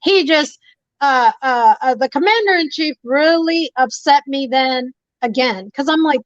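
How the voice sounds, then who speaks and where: Woman caller on a dull, dry line, high-pitched, hammering her points home like a sermon. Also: lively intonation, unhurried, dry recording. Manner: preachy, emphatic, repeats phrases for effect. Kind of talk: impassioned call-in talk.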